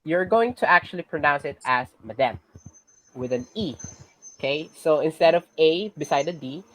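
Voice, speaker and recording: A teacher with a Filipino accent giving a class lesson, patiently checking in with students and pausing on fillers. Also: medium pitch, expressive, a bit bright, a little hiss or hum, rough recording. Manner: patient, checks in with "okay?" often; hesitant, many fillers and restarts.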